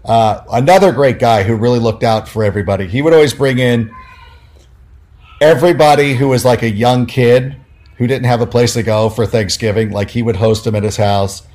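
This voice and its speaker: A sports writer in an interview, his mid-range voice moving a little fast, tells stories casually and with animation. He fills his talk with fillers and acts out the quotes he recounts.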